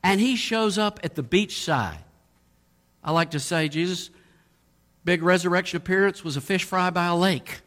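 A man's voice: sits high, moderate pace, a bit bright. Man preaching with emphatic rising peaks. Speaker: pastor. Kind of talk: sermon.

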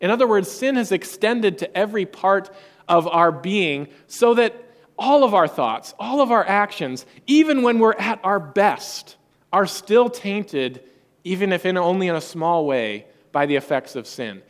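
A pastor preaching a sermon, emphatic and rhetorical. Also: male voice, sits high, lively intonation, measured pace, in a large hall.

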